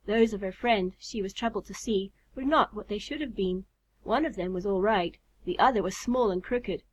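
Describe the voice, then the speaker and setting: A woman reading a children's story aloud in a calm, measured way. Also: medium pitch. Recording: slightly muffled recording.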